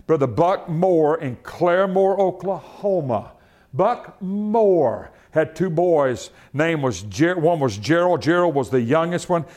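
A man preaching a fervent sermon, repeating phrases and swinging from shouts to hushed asides. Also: on the high side, expressive, slow pace.

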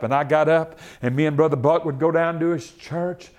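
A man preaching a fervent sermon, repeating phrases and swinging from shouts to hushed asides. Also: on the high side, brisk, hardly any pauses.

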